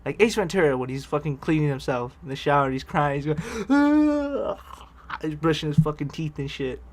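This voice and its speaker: A man rambles through a personal story in casual vlog fashion, cursing freely and cutting himself off to restart. He chuckles often as he goes, and his voice sits a little higher than most men's. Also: a little fast, slight background noise. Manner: rambling, profane, laughs often. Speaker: vlogger telling personal stories.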